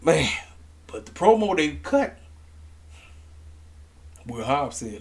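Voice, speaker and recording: Animated slangy man reviewing wrestling. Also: fairly high pitch, slow, long pauses. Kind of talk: casual opinionated commentary to camera.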